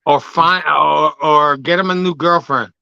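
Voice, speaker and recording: High, bright man with a slow drawl. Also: fairly even intonation, gravelly, smooth, dry recording, muffled recording. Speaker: podcast co-host. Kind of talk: casual sports banter.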